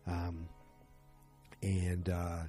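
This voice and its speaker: A man's voice: sits low, monotone, extremely slow, mellow, soft background music. A man casually recapping a TV episode, rambling loosely with lots of fillers and quoted lines.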